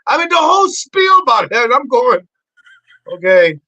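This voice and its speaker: A man in his forties, a podcast guest telling wild stories with swearing and excitable energy. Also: normal speed, no room sound, lo-fi sound. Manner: excitable, swearing, acts out voices in high shouts. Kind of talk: animated storytelling.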